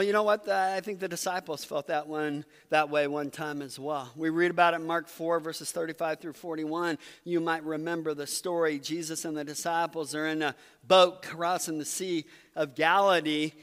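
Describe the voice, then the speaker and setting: A man's voice: a little high, fairly bright tone, clear, resonant tone. A man preaching a sermon as pastor, telling the story in a conversational, earnest way. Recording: long reverb from a hall.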